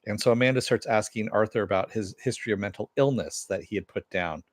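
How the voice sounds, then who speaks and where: A middle-aged man with a lowish voice casually recaps a TV episode and reads chat comments aloud. He rambles with plenty of "uh"s and chuckles. The sound is dry and close. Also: fast, no echo. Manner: rambling, many fillers, chuckles often. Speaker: TV show reviewer.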